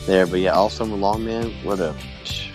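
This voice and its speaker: A man's voice: deep voice, moderate pace, over music. A man co-hosting a casual wrestling podcast, joking and laughing often as he talks. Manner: jokey, animated, laughs often. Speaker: podcast co-host.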